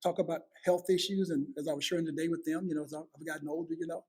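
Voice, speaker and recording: Here the same kind of host, a man in his fifties, guides an earnest, heartfelt talk with family, tending to repeat words when starting a thought. He talks at a racing speed in a fairly high voice with a steady tone.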